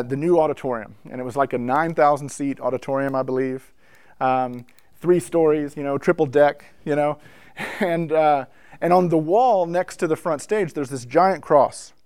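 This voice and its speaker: A man giving a conversational teaching talk to church musicians, telling stories with lots of asides and building the excitement as he goes. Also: a little high, clean tone, no room sound. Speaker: speaker addressing church musicians. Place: indoor room with a whiteboard.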